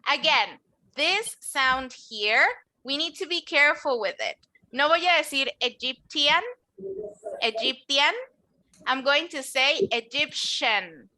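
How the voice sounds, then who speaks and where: Bright high-voiced woman teaching English. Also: animated, a little slow. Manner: encouraging, models words for students to repeat. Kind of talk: classroom lesson. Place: classroom.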